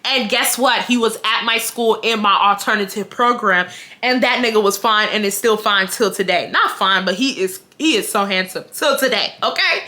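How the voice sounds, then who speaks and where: Blunt, animated young woman. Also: medium pitch, normal speed. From Houston, Texas. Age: 20s. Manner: blunt, animated and profane, acting out dialogue. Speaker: vlogger. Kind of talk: casual storytime monologue.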